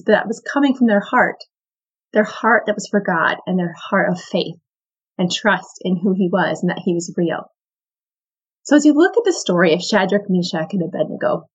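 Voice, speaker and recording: Woman doing a casual bible lesson, excited and chatty, kinda dull muffled podcast sound. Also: medium pitch, breathy edge. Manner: chatty and enthusiastic, full of "I mean" and "like". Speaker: Bible teacher, podcast host.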